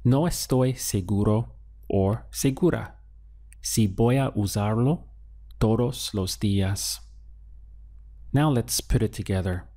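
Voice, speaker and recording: A man teaching a language lesson, calmly prompting the listener and pausing for their answers. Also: fairly low pitch. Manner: slow, patient prompting with pauses for answers. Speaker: Spanish teacher.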